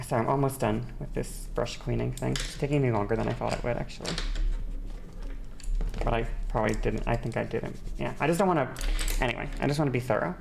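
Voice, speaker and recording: A woman's voice: a bass voice, fast talker, creaky, darkish tone, slight background noise. A young woman from Northern Ireland chatting casually on stream while doing her makeup, rambling with lots of fillers. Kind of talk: casual stream chat during a makeup tutorial.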